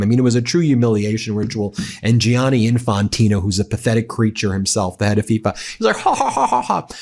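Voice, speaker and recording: A man's voice: lowish voice, darkish tone. A man hosting casual political commentary over clips, mocking and blunt, often stumbling over repeated words.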